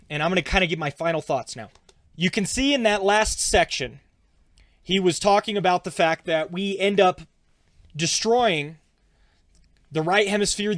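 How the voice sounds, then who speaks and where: A man's voice: high voice, no echo, clean studio sound. A man, a pastor, commenting on a reading in a conversational teaching style. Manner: conversational, explaining with fillers.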